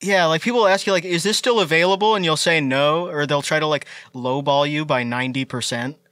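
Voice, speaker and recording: Man, co-host, deadpan joker; bright, slightly high voice, dry recording. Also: fairly quick, clear, resonant tone, no room sound. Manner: deadpan joking asides. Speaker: podcast co-host. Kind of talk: casual chat.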